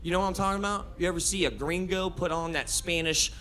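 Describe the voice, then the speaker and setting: A man's voice: high-pitched, fast, pushed and bright, slight background noise. A man doing a stand-up comedy set on a club stage, talking energetically to the crowd with frequent laughs and restarts.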